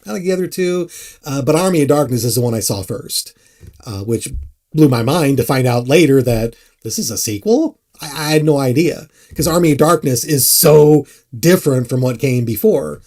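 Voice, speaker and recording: A man casually answering chat on a live stream, rambling and halting, often self-deprecating. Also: medium pitch, animated, a little mellow, dry recording, studio quality.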